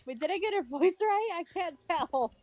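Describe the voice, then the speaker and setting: Woman, stream co-player, high voice, lively pitch, unsure, casual chat. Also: normal speed. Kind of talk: casual let's-play chat.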